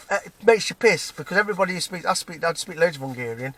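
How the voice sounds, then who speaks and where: A man's voice: high-pitched, animated, fairly quick, pushed and bright, dry recording. A man from Nottingham with a Nottingham accent, ranting to camera in a heated, swearing way, stumbling over restarts and tagging lines with "right?". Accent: Nottingham English. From England, Nottingham. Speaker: vlogger. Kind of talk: angry personal rant to camera.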